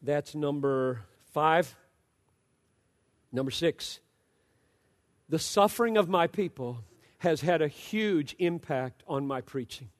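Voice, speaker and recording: A man preaching a sermon with passion, moving between loud exhortation and low, hushed storytelling. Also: animated, slow pace, pauses often, in a large hall.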